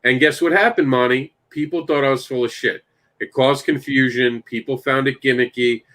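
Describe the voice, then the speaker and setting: Animated storytelling man, mid-pitch voice. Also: normal speed. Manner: animated storyteller, talks to co-hosts by name. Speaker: podcast host and comic creator. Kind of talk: casual chat.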